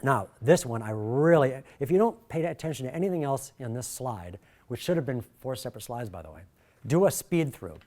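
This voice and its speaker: A middle-aged man leading a workshop, talking in a jokey, animated way and swinging his pitch and volume a lot. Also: fairly quick. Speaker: workshop presenter. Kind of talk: lively workshop talk.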